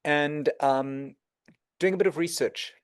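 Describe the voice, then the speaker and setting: A man's voice: slow pace, clean tone. A middle-aged man speaking as an interview guest, giving advice and acting out quoted exchanges. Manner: animated, acts out quoted dialogue with shifts in pitch. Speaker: interview guest, real estate executive.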